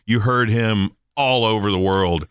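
A man hosting a radio show, chatting casually and telling animated stories. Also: lowish voice, measured pace, clear, resonant tone, no room sound, studio quality. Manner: storytelling, animated in anecdotes.

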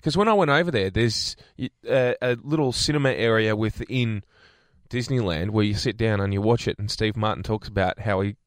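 A man's voice: lowish voice, brisk, no room sound, clean studio sound. A man hosting casual breakfast radio, telling rambling stories with chuckles. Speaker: radio host. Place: radio studio. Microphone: studio microphone.

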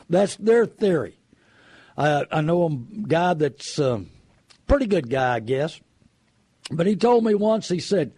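A middle-aged man talks car buying in a folksy, preachy, emphatic way. His voice sits on the high side for a man. The sound is dry and close, with no room around it. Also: darkish tone, slightly rough, no room sound. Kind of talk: folksy advice talk.

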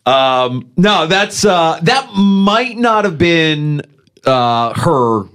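A man's voice: on the high side, smooth. Chatty middle-aged man. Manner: animated, quick to mimic voices in quotes. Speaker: co-host. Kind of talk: casual sports radio chat.

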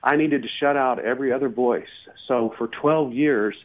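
A man speaks as an interview guest, sharing his testimony in an earnest, preacherly way. His voice sits at an ordinary pitch. It comes through a narrow, tinny telephone line. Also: normal speed.

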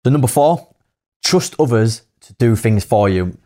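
A man's voice: mid-range voice, lively intonation, unhurried, dark tone. A man with a Hull accent, co-hosting a podcast in casual chat and working through a numbered list of tips. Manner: laughs easily, lists points in turn. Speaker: podcast co-host.

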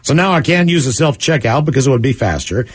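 A radio show host reading listener emails aloud on air, with lively conversational asides. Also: male voice, medium pitch, fast, slightly rough.

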